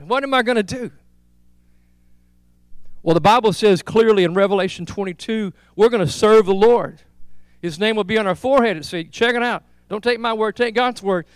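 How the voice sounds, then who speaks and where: Man, pastor, sermon, high voice, dry close sound, storytelling, rhetorical questions. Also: clean tone, no echo. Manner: storytelling preacher who builds to repeated rhetorical questions.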